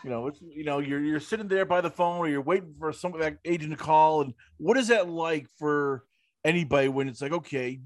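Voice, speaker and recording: A man hosting a casual interview who asks long, animated questions and acts out reactions. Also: a little high, brisk, no room sound, studio quality. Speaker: interview host.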